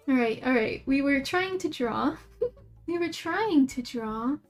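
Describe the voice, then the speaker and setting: Chatty young woman with a higher voice. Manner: rambling, chatty, laughs often. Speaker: livestreamer drawing emotes. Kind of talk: casual chat while drawing.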